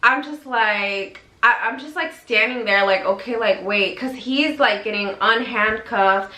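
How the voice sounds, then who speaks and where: A woman's voice: on the high side, measured pace, pushed and bright. A young woman vlogger telling a storytime in a casual, chatty way, full of "like" and the odd swear word. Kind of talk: storytime vlog. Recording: roomy echo.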